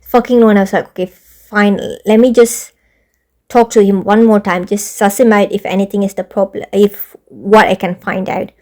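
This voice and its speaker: A young woman telling a storytime vlog as an exasperated, profane rant, talking fast and animated. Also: mid-range voice. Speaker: vlogger.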